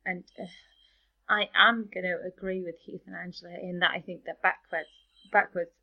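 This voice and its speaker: Female podcast panelist, enthusiastic, gravelly voice, dull lo-fi audio. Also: lowish voice, fairly even intonation, brisk. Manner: enthusiastic, agrees a lot. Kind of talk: casual chat. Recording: dull lo-fi recording.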